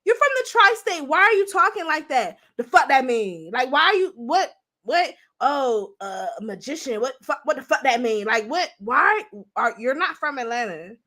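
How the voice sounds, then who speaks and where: A woman's voice: sits high, pushed and bright. A young woman hosting a livestream, chatting bluntly and profanely to her viewers. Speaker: livestream host. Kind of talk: casual livestream commentary.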